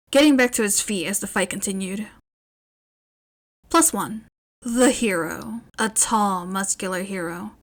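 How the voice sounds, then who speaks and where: Female podfic reader, expressive narration, lively and chatty. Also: medium pitch. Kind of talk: fan fiction podfic narration.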